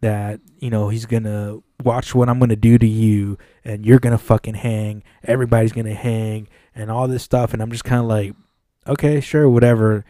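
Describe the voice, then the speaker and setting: A man's voice: fairly low pitch, moderate pace, hardly any pauses, no echo, studio quality. A man co-hosting a podcast who tells a work story in casual chat, acting out the quoted lines and swearing often. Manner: animated, acts out quoted dialogue, frequent swearing. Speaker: podcast co-host. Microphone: studio mic.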